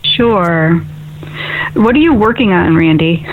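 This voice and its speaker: A woman's voice: on the low side, animated, takes it slowly. Upbeat chatty woman radio host. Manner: upbeat and chatty, often asks "right?". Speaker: radio show host and intuitive medium. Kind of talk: call-in spiritual radio talk. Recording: tinny phone-like radio audio.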